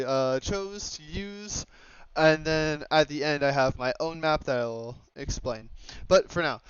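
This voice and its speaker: Young male student presenter, slightly high, hesitant and full of fillers. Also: clear, resonant tone, dry recording. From Oregon, USA. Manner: hesitant, many fillers and self-corrections. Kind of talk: slide presentation on dialect maps. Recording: slightly dull lo-fi mic.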